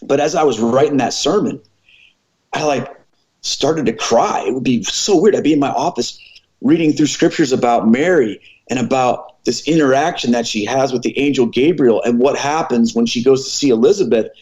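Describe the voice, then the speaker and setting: A man's voice: mid-range voice, normal speed. Middle-aged man telling his story animatedly. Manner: animated storyteller who acts out dialogue. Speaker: former pastor, podcast guest. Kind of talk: personal storytelling in a conversation. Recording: slightly muffled audio.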